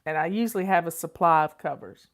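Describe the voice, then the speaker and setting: A woman's voice: lowish voice, quick pace. An older woman, chatting casually and repeating herself as she answers viewer questions as host. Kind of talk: casual advice chat.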